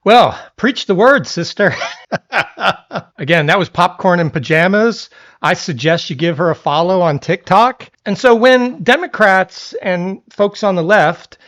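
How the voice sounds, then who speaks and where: A man's voice: high-pitched, normal speed, fairly bright tone. A man hosting a commentary channel, giving blunt, conversational political opinions.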